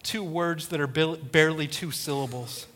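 Slightly high-voiced male preacher. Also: normal speed, fairly bright tone. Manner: storytelling preacher, acts out quoted voices. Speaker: pastor. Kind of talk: sermon.

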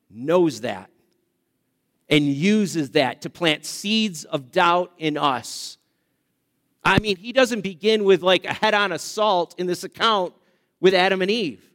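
A man's voice: high-pitched, a bit bright, long reverb tail. A male pastor preaching a sermon, emphatic and repetitive, speaking straight to his church. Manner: emphatic, repeats phrases, addresses congregation directly.

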